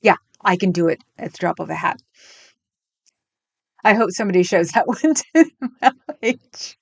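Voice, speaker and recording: A middle-aged woman from California chats loosely on her livestream from home, drifting from story to story and laughing often. Her voice sits a little low, and the desk mic sounds close and dry with no room around it. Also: moderate pace, creaky, no room sound. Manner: chatty, rambling, laughs often. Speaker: livestream host. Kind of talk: casual chat with live chat. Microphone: desk microphone.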